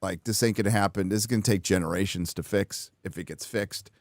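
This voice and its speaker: Blunt, profane podcast host, dry sound. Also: male voice, low-pitched, brisk, a little mellow, no room sound. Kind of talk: casual political chat.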